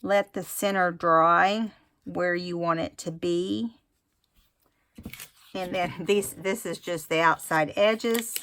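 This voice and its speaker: A woman's voice: on the low side, fairly even intonation, a bit bright, clean tone. A woman hosting a craft tutorial, talking casually and rambling as she demonstrates. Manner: chatty, rambling, self-admittedly unhurried.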